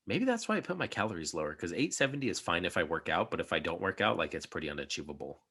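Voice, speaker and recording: A young man talks casually as a podcast host, rambling through his thoughts with plenty of fillers. His voice sits low but has a bright, forward edge. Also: sing-song, fast talker, slightly rough. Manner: rambling, many fillers and restarts. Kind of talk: casual chat.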